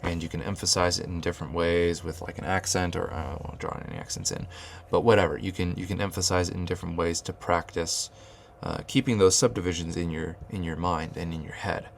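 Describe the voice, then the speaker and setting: A man with a very low, gravelly voice explains rhythm as he writes it out. He talks it through loosely, with fillers and restarts, and chants the counting syllables. A faint hiss sits under the recording. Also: steady tone, fairly quick, few pauses. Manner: thinking aloud with many fillers and restarts. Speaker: music teacher. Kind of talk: whiteboard rhythm lesson.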